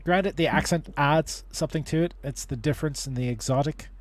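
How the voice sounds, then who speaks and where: A man's voice: on the high side, brisk. A man hosting a casual livestream advice chat, talking in a rambling way with many restarts and fillers. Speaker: host.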